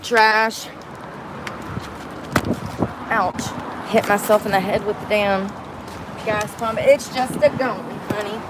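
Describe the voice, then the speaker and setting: A woman's voice: medium pitch, steady tone, takes it slowly, pauses often, heavy background noise. A woman chatting casually and candidly to her viewers from inside a truck, rambling and cursing freely. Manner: candid, rambling, salty language. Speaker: vlogger. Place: inside a truck at a gas station.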